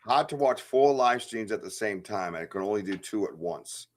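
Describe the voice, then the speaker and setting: A man's voice: on the low side, expressive, normal speed. A man with an American accent co-hosting a casual live stream, hyper and rambling as he greets viewers by name. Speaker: co-host of a live research stream.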